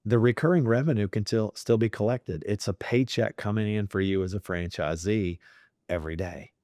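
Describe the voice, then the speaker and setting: Low-voiced middle-aged man, emotional. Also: normal speed, no echo, studio quality. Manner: warm, emotional, rambling with fillers. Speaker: company CEO. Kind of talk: sit-down interview.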